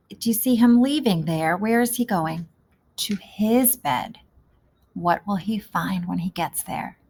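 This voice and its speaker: Slow, gentle woman teacher asking questions. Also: medium pitch. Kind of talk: reading lesson for young children.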